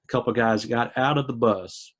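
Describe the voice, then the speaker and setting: Man, podcast host, casual chat, husky, mid pitch. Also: brisk. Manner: chatty, laughs along, jumps in to finish stories.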